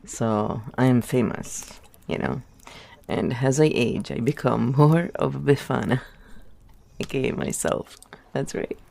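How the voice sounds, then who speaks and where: A woman chats casually on a stream, joking and laughing often. She speaks slowly in a gravelly voice. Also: very deep voice, mellow, dry recording. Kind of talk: casual chat.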